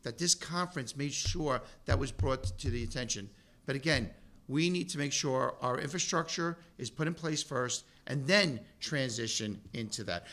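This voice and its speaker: A man's voice: mid-range voice, normal speed, fairly bright tone. A man, speaking as a state senator at a roundtable, talking passionately and bursting into emphatic outbursts. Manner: fervent, rising to emphatic outbursts. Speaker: state senator, energy ranking member. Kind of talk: passionate political speech at a roundtable.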